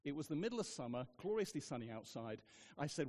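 A man's voice: a little high, sing-song, fast, darkish tone, long reverb tail. A man preaching a sermon, telling funny stories with dry asides, in a church. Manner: humorous storytelling, dry asides.

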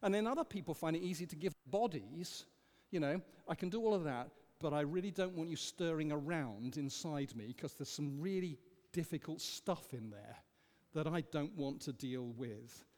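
A man leading an interactive sermon, questioning the congregation in an animated, emphatic way. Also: fairly high pitch, moderate pace. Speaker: preacher leading a Bible study. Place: church. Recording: echoey church hall.

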